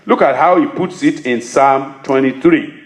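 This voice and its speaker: A man's voice: medium pitch, measured pace, reverberant. A man preaching a sermon as pastor, reading scripture and asking his congregation questions he answers himself.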